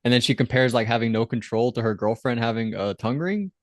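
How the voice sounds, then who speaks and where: A man's voice: medium pitch, quick pace, no room sound, studio quality. A man co-hosting a casual podcast, recapping an episode bluntly, swearing freely and acting out lines in sudden shifts of voice. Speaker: podcast co-host.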